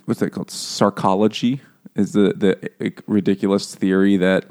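A man's voice: fairly low pitch, little pitch movement, moderate pace, darkish tone. A man co-hosting a podcast, rambling and joking with friends in casual, profane chat. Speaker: podcast co-host.

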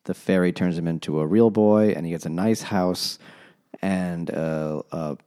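A man's voice: low voice, fairly even intonation, a little slow, warm tone. A man co-hosting a casual book podcast, dropping dry, sarcastic quips. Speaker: podcast co-host discussing a book. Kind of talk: casual chat.

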